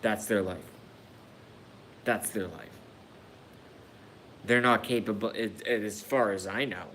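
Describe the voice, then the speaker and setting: A man talks on a live stream in a low, unhurried voice, pausing often, sighing and swearing as he goes. He sounds emotional and grieving. A faint rumble of noise sits under the recording. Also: steady tone, a bit bright. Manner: slow, halting talk with sighs and swearing. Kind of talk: casual live-stream rant.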